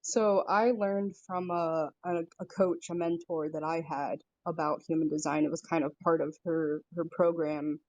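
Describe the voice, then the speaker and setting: A woman guest chatting enthusiastically, a little halting, in an online audio room. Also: low voice, steady tone, darkish tone, dry recording. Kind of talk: casual chat. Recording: dull lo-fi line.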